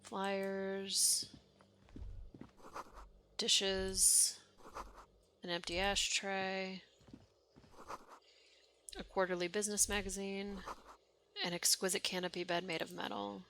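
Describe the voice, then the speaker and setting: A woman's voice: medium pitch, little pitch movement, slow pace, pauses often, pushed and bright, slight background noise. A young woman streaming a game, chatting wryly and reading its dialogue aloud. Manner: chatty, wry, reads game text aloud.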